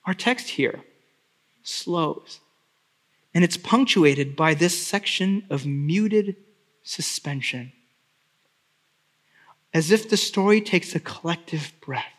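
High-voiced preacher man. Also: expressive, takes it slowly, pauses often, a bit bright. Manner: emphatic preaching with repeated refrains. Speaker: pastor. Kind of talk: sermon.

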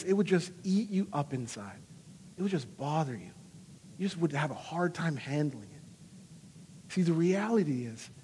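A high-pitched man in his thirties delivers an earnest sermon as a pastor. His delivery is animated, and he voices quoted lines with dramatic feeling. The sound carries a long reverb from a church hall. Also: slight background noise.

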